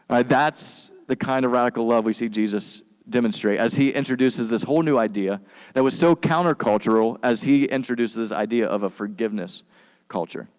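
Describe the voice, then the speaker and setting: A man preaching a sermon as pastor, in a relaxed, slangy, conversational way, and he sometimes acts out quick lines for the people in his stories. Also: mid-range voice, clean tone. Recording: long hall reverb.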